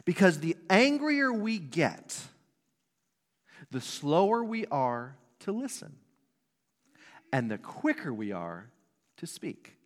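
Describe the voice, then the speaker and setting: Lively pastor preaching in an echoing hall. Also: male voice, a little high, slow pace, pauses often. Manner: conversational, asks the congregation questions. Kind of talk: sermon. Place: church sanctuary. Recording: long reverb of a hall.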